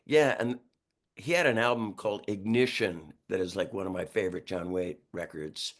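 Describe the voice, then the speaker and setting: A man in his sixties from New York, a guest musician telling road stories in a lively, rambling way with frequent chuckles and restarted sentences. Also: low-pitched, moderate pace. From New York, USA. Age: 60s. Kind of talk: casual storytelling interview.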